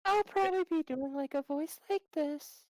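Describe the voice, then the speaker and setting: A player trying out a very high, squeaky voice for a petite young woman in a tabletop game. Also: normal speed, darkish tone, lightly acted. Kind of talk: voice test for a tabletop character.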